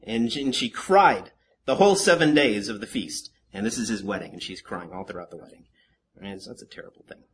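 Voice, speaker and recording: A man preaching a Bible-study sermon in an animated, joking way, with asides to the congregation. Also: lowish voice, brisk, slight background noise. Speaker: pastor teaching a Bible study.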